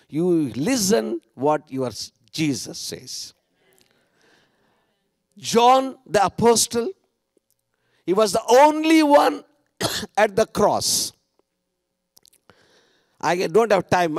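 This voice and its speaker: A man preaching a sermon at a conference, rising to loud cries and dropping to hushed asides. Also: high voice, no room sound, clean studio sound. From India. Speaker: pastor. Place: conference hall.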